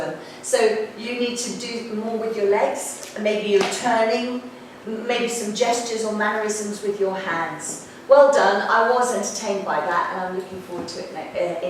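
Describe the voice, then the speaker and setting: Brisk drama teacher in an echoey room. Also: female voice, mid-range voice. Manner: brisk and directive, quick instructions. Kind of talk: classroom feedback session. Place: drama studio classroom. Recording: echoey classroom from far off, some noise.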